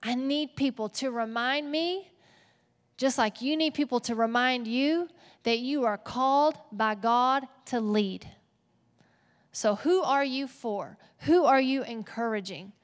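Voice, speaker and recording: Texas woman pastor, lively and playful sermon delivery, slightly high voice, echoing church hall. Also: slow. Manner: animated, playful asides. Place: church auditorium. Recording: long hall reverb.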